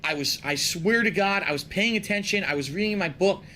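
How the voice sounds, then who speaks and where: A man's voice: high voice, a little fast, pushed and bright, slight background noise. A man telling a rambling, indignant story about his school days in a casual tone.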